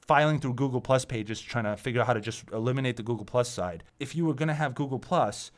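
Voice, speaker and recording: A tired, exasperated man hosting his own channel, ranting about software and the internet, swearing often and repeating himself. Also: medium pitch, fast. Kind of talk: profane tech rant monologue.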